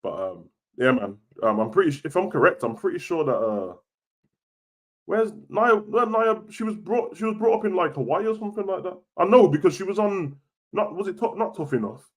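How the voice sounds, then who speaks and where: A young man, chatting casually about wrestling on a live stream, slangy and animated, getting loud and then dropping soft. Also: fairly high pitch, brisk. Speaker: wrestling show host. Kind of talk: live-stream chat reading comments.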